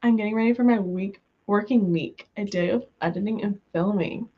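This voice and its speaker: A woman's voice: mid-range voice, normal speed, breathy edge. Woman from the west coast chatting on her livestream, lots of ums and giggles, kinda muffled lo-fi audio. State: recovering from being sick. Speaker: livestream host. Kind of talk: casual livestream chat.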